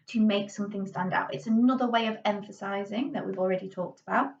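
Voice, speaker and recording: A woman's voice: mid-range voice, fast, few pauses. Brief: young woman drama teacher, casual tutorial patter, recorded a little off-mic and dull. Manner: chatty, many fillers and "okay"s, gestural. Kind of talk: classroom tutorial. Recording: dull, slightly distant lo-fi recording.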